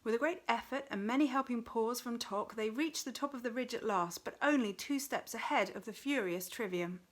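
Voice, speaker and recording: A woman reading a novel aloud in an expressive storytelling manner. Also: fairly high pitch, moderate pace. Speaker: reader.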